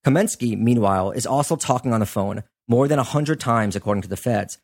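A man's voice: mid-range voice, expressive, a little fast, vocal fry, a little mellow. A man hosting a podcast, telling a story in a loose, conversational way with lots of fillers. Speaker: podcast host; sports journalist. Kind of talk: casual storytelling chat.

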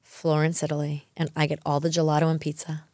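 A playful, chatty middle-aged woman with a slightly low voice, trading jokes in a relaxed conversation. The recording is close and dry, with no room sound. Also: fast, no room sound. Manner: playful, chatty, self-deprecating. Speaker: host. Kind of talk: casual chat.

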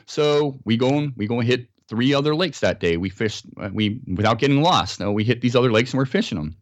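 A man's voice: medium pitch, lively intonation, fairly quick, dry recording. An American man, a podcast guest, telling a story in a casual interview and acting out sounds and quotes.

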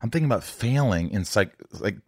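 Podcast host guy, deep low voice, really open and confessional, swears a bit, lots of restarts, dry close sound. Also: lively intonation, brisk, darkish tone, breathy edge, no room sound. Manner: frank and confessional, swears casually, stammers into restarts. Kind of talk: candid interview conversation.

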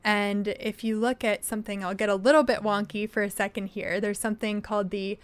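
A young adult woman talks through policy ideas as a guest in an interview. Her voice is smooth and clear, sitting at a middle pitch, and her delivery is measured and explanatory. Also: flat delivery. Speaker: think tank vice president, guest.

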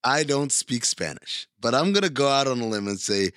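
A man's voice: mid-range voice, expressive, moderate pace, a bit bright. A man co-hosting a casual movie commentary, joking crudely and swearing. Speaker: podcast co-host.

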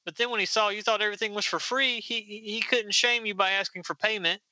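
A man's voice: high voice, fairly even intonation, quick pace, pushed and bright, no room sound, pitched above the performer's own voice. A man voicing a tearful young innkeeper's daughter who stammers through her worries. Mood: upset. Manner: sniffly, stammering.

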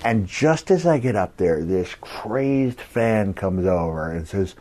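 A man's voice: fairly low pitch, lively intonation, moderate pace, few pauses, dark tone. A middle-aged man on a podcast, telling long rambling stories with many fillers and acting out the people he quotes. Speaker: podcast co-host, former wrestler. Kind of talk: casual storytelling chat.

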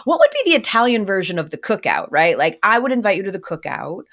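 A woman's voice: mid-range voice, big pitch swings, fast talker, fairly bright tone. Playful woman hosting a sports talk show. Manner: playful teasing, acts out quoted voices. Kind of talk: casual sports chat.

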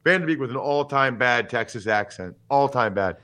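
Opinionated, bright-voiced podcast host man. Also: mid-range voice, moderate pace. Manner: animated, opinionated, jumps between topics. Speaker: podcast host and former pro football player. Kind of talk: casual sports podcast chat.

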